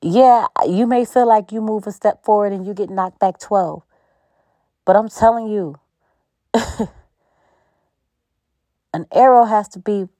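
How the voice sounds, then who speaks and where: A woman's voice: lowish voice, warm tone, no echo. A woman hosting a podcast, giving an encouraging faith-based pep talk in a conversational, preachy way with frequent laughs. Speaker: podcast host.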